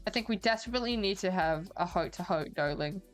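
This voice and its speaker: A woman voicing a flamboyant, charming male robot star who talks in a smooth, teasing, affectionate way. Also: mid-range voice, expressive, a little fast, soft background music, lightly acted, rough recording.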